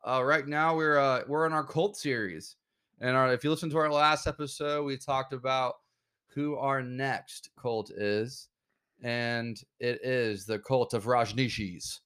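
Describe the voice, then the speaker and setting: A young man hosting a casual podcast, laid-back and joking, talking in halting bursts with fillers. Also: medium pitch, steady tone, a bit bright, clean tone. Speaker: podcast host.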